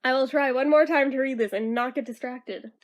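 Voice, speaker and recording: A woman's voice: high-pitched, a little fast. A woman with a stuffy nose chatting through a casual product review, bubbly and easily sidetracked.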